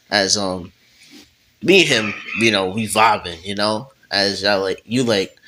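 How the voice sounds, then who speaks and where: A man with a fairly low voice tells a made-up story in relaxed slang, acting out bits of dialogue as he goes. The tone is very bright and sharp. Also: unhurried, rough recording. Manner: slangy, animated, acts out dialogue. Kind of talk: casual improvised role-play storytelling.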